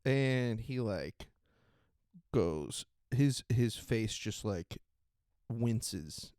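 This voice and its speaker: Male podcast host, giggly and profane, smooth voice, dry studio sound. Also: medium pitch, expressive, extremely slow, a little mellow, no echo. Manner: giggly, profane, rambling with frequent laughter. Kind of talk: casual solo podcast chat.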